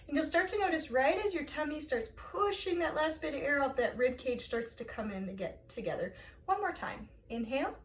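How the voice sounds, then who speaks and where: A woman choir director guiding singers through breathing and vocal warm-up exercises, encouraging them step by step. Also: sits high, expressive, fairly quick, recorded from a distance, slight background noise.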